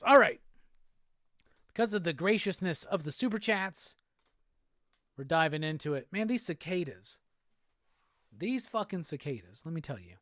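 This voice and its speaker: With big pitch swings and long pauses, a high-pitched Southern US man talks at a moderate pace in a fairly bright tone. He hosts a live stream, casually reading viewer comments while swearing freely and laughing often. There's no room sound.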